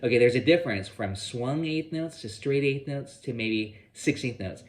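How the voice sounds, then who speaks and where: A man's voice: mid-range voice, lively intonation, normal speed. A man giving a guitar lesson, explaining phrasing and scat-singing the rhythms he means. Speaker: guitar teacher. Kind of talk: instructional explanation. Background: loud guitar playing.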